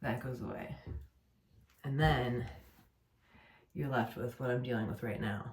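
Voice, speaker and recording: A woman's voice: extremely low pitch, unhurried. A young woman venting late at night at home, in pain and worn down, rambling with lots of fillers and self-corrections. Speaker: vlogger. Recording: roomy echo.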